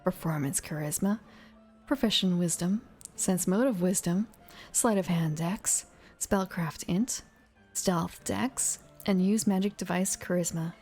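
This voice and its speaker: A woman softly reading game rules aloud in an ASMR whisper, musing to herself between passages. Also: fairly low pitch, unhurried, slightly rough. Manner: soft, musing asides between rule text. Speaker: ASMR reader. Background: faint ambient music.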